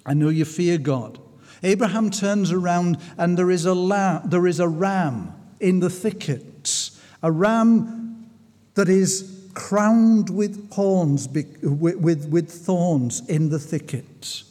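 A man preaching a sermon, often restarting his phrases and slowing down to stress key words. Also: sits high, mellow, long reverb tail. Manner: restarts and stumbles, slows for emphasis.

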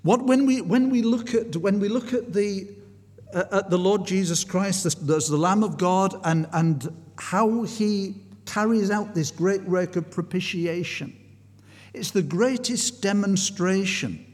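A man's voice: high-pitched, a little slow, a little mellow. A man preaching a sermon, telling a story in an earnest way and often restarting his sentences. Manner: earnest storytelling, frequent restarts, rising intensity. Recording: long hall reverb.

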